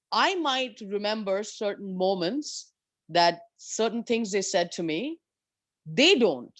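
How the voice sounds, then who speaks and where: A woman golfer telling stories of her years on tour in an interview, animated and candid, swearing freely. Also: a little high, dry recording. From India. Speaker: professional golfer guest. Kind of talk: storytelling in an interview.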